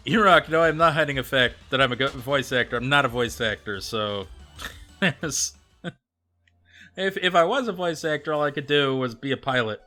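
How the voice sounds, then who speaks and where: A man's voice: mid-range voice, expressive, normal speed, sharp tone, soft background music. A man streaming and chatting casually with viewers, rambling with plenty of fillers and answering them by name. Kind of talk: casual livestream chat.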